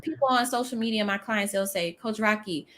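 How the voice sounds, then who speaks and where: A business coach from New Orleans talks with a Southern accent touched by Texas twang. She is emphatic and animated, often acting out what clients say. Her voice is bright and forceful. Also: mid-range voice, a little fast. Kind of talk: live-stream interview, casual advice.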